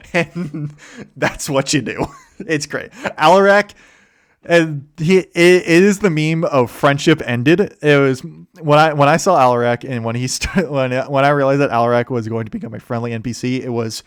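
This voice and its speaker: A man's voice: mid-range voice, moderate pace, clean tone, no echo, clean studio sound. A man hosting a casual summary of a game campaign, rambling with many fillers and self-corrections and chuckling often. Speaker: host.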